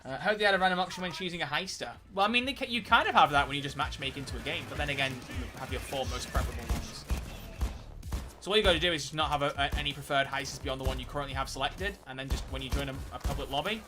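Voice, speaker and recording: A man's voice: fairly high pitch, rapid-fire, over music. A man live-streaming a game, chatting in a rambling, self-mocking way as he plays. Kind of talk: live gameplay commentary.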